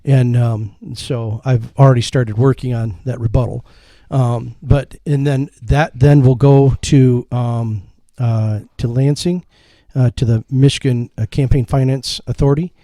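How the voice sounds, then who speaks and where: A man's voice: medium pitch, fairly even intonation, a little slow, hardly any pauses, warm tone, no echo. A man on a local political talk show who explains procedure in a folksy way and quotes patriotic phrases. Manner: folksy, lectures with patriotic phrases, corrects others.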